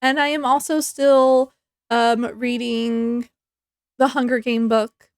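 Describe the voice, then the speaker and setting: Slow, chatty woman reviewing books. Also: on the high side, flat delivery, smooth, dry recording, studio quality. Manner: chatty, rambling, many ums and restarts; laughs easily, acts out her reactions. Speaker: book reviewer. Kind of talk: casual book review vlog.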